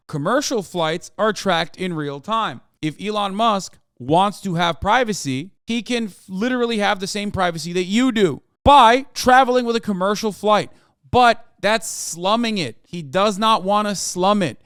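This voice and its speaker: A man's voice: sits high, a bit bright, smooth, dry recording, clean studio sound. A man streaming live, reacting to news in a heated, profane, sarcastic rant.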